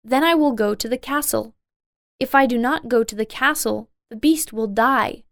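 A woman's voice: a little high, normal speed, a bit bright, no room sound, clean studio sound. A woman voicing Beauty, tender young heroine. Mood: warm. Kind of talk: storybook read-aloud.

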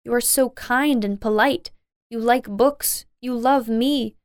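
A woman's voice: a little high, steady tone, slow pace, smooth, dry recording, studio quality. A woman voicing Beauty, tender young heroine. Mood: pleading. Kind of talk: storybook read-aloud.

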